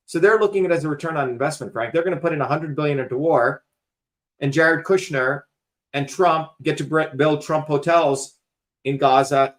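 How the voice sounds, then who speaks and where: A man hosting a talk show, lecturing emphatically in casual conversation and cursing freely. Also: a little high. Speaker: host.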